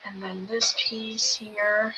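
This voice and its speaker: A woman hosting a live selling show, going through each craft kit item by item in an unhurried way. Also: medium pitch, level tone, pushed and bright, rough recording. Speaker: host selling craft kits. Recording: background noise with clicks.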